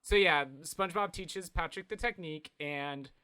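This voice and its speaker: A man co-hosting a podcast, recapping a cartoon episode in lively casual chat and jumping into high voices when quoting scenes. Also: normal speed, smooth. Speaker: podcast co-host.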